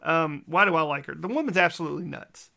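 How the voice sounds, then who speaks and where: Lisping man with a gravelly, bright voice. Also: on the high side, fast talker. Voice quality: slight lisp. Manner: enthusiastic, stumbles over words. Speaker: podcast host. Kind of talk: casual chat.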